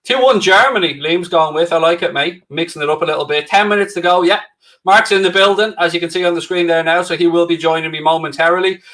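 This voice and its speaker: A man's voice: fairly high pitch, fast, a bit bright. A middle-aged Irish man co-hosting a football stream, chatting casually and teasing viewers with sarcasm. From Ireland. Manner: banters with chat, sarcastic and teasing. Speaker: co-host of football watchalong stream. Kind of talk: casual live-stream chat.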